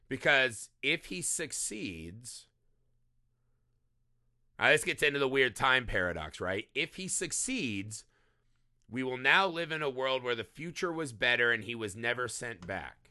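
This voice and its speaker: A man hosting a casual film discussion podcast, animated and peppering his talk with "right?". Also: mid-range voice, a little slow, no echo, clean studio sound. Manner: animated, swearing, frequent "right?". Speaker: podcast host.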